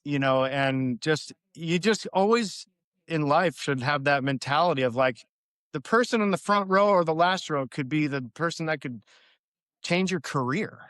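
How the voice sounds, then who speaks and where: Guest musician, male, lively casual storyteller, fairly high voice, dry close mic. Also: normal speed, dry recording. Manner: animated, laughing storyteller with many fillers.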